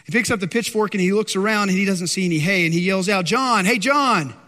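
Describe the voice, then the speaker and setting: A man preaching a sermon as pastor, impassioned and animated, acting out worried disciples with a lifted voice. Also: fast. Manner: impassioned, acts out anxious disciples in higher voice. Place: church sanctuary. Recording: long hall reverb.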